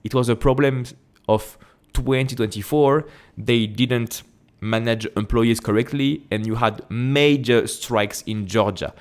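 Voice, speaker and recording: A Frenchman with a fairly low voice hosts an investing channel, sharing his screen to comment on an earnings report. He reads haltingly in his French accent, corrects himself, and breaks off into quick asides.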